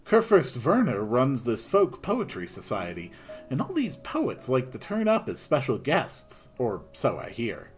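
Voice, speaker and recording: A man's voice: mid-range voice, wildly swooping pitch, a little slow, soft background music. A man doing a chatty folksy shopkeeper. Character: chatty friendly older male shopkeeper.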